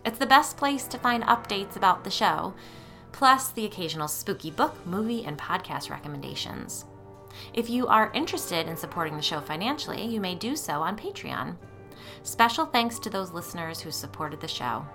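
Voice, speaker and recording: A woman podcast host narrating a first-person ghost story in a steady, measured reading. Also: lowish voice, vocal fry, soft background music.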